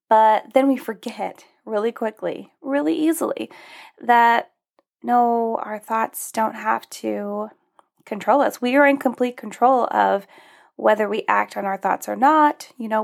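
A young adult woman hosts her own casual solo podcast, sounding chatty, upbeat and self-reflective. Her voice is a little high and creaky.

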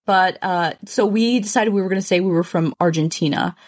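Woman podcast co-host, lowish voice, rambling storyteller, deadpan self-mockery, dry close sound. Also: brisk, no room sound. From Chicago. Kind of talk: casual chat.

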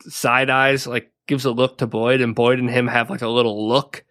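A podcast co-host casually recaps a TV episode, laughing often and saying "like" a lot. His mid-range, slightly bright voice has little pitch movement and moves at a normal speed.

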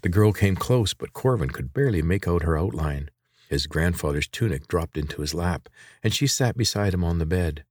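A man reads a story aloud in a measured storytelling manner. His voice is very low yet moves with lively inflection, and the dry, close recording has no room around it. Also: no room sound. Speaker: narrator. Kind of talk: scripted audiobook narration.

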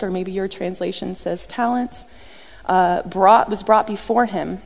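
A woman preaching a sermon in a lively, conversational way, often acting out what people said. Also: mid-range voice, normal speed, creaky. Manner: animated, conversational, acts out quotes. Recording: long reverb from a large hall.

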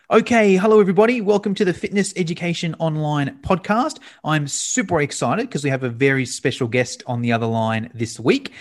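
A man hosting a podcast, chatting casually and laughing easily while interviewing a guest on a remote call. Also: mid-range voice. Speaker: podcast host.

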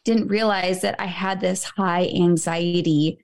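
A woman in her thirties speaks as a podcast guest. Her voice sits a little low, and she tells her story in a chatty, animated flow. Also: unhurried. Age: 30s. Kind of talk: casual interview conversation.

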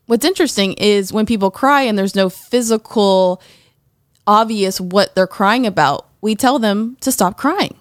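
Woman, conversational co-host, mid pitch, thoughtful and questioning, dry close sound. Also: measured pace, dry recording. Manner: reflective, asks rhetorical questions, many "you know"s. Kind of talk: casual conversational chat.

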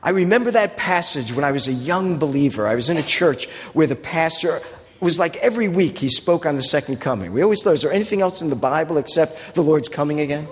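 A man preaching a sermon in a conversational way, reading scripture aloud slowly and with emphasis. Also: fairly high pitch, lively intonation. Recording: long hall reverb.

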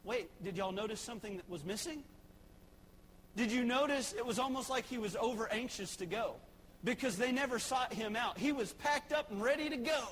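A man's voice: very high voice, fairly bright tone, slight background noise. A man, a pastor preaching a sermon in a church sanctuary, emphatic and repeating key phrases.

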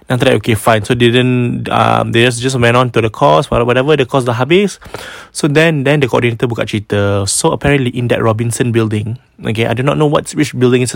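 A man's voice: medium pitch, gravelly, no echo, studio quality. A man with a Singaporean accent hosting a podcast, casually retelling a ghost story, mixing in Malay phrases and often repeating words as he goes. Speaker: podcast host.

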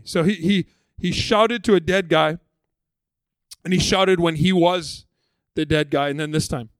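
A man preaching a sermon as pastor, conversational and lively, often repeating words as he builds his point. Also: on the high side, moderate pace, no echo.

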